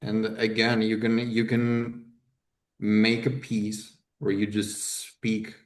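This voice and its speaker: A man's voice: fairly low pitch, completely flat delivery, slow pace. A man co-hosting a podcast, thinking aloud in a casual debate, restarting often and arguing firmly. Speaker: podcast co-host. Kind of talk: casual discussion.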